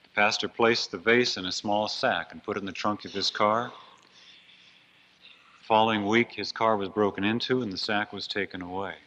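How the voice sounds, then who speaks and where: Low forceful male preacher, lo-fi. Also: fairly even intonation, moderate pace. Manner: earnest, dramatic, swells on key phrases. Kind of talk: storytelling sermon. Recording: dull lo-fi recording.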